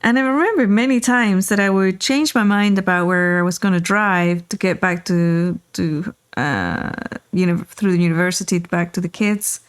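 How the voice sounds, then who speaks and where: A woman's voice: lowish voice, moderate pace, hardly any pauses, clear, resonant tone. A middle-aged woman hosting a casual talk show, telling rambling personal anecdotes with many fillers while riding in a car. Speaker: podcast host. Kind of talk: casual storytelling chat.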